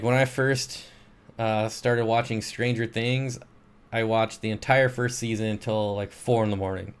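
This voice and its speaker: A man with a clean, medium-pitched voice answers his chat's questions on a casual stream, reading each aloud before rambling through a relaxed reply. He hasn't had much sleep, and he's using a streaming microphone.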